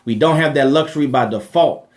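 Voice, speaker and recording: Speaking briskly in a mid-range voice, this man runs a live money-focused question-and-answer session. His delivery is forceful and sermon-like, with repeated phrases and frequent rhetorical "right?" tags.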